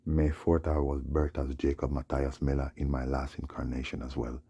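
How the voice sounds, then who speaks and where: Male vlogger, rambling monologue, rough, husky and low. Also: level tone, moderate pace, dark tone, lo-fi sound. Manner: rambling, agitated, repeats "you know what I'm saying". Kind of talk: casual storytelling monologue.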